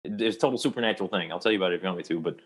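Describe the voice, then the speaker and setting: A man's voice: low voice, very fast, breathy edge. A young adult man, an actor, telling a long personal story in a casual interview and rambling with many restarts.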